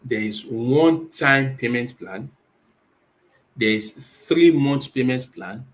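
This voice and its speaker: A man's voice: medium pitch, slow, rough recording. A man with a Nigerian accent giving advice as a real estate company owner, emphatic and repetitive, asking rhetorical questions and answering them himself. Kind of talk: spoken advice talk.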